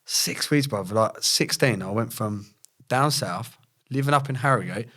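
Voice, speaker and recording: A man's voice: mid-range voice, a little slow, fairly bright tone. Blunt, slangy man. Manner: blunt, slangy, swears freely. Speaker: podcast guest, former paratrooper and fighter. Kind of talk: casual storytelling interview.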